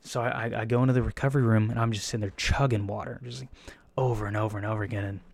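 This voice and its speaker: A young man talks in a loose, rambling storytelling way, cursing freely and restarting his sentences as he goes. His voice sits a little low. The sound is dry and close, with no room echo. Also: racing, gravelly. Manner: profane, animated, rambling with restarts. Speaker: firefighter candidate. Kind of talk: casual storytelling vlog.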